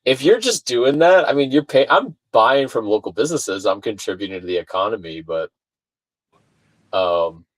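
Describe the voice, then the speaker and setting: A man chatting casually on a video call, telling a rant story with swearing and acted-out shouted quotes. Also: mid-range voice, lively intonation, normal speed, no room sound, low-quality recording. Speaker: podcast guest. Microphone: video call mic, sounds far away.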